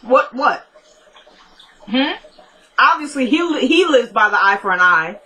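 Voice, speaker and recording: A woman giving a casual, opinionated recap of a TV episode. She talks in a chatty way, with quick asides and jokes. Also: a little high, sing-song, pushed and bright, rough recording. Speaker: TV episode reviewer.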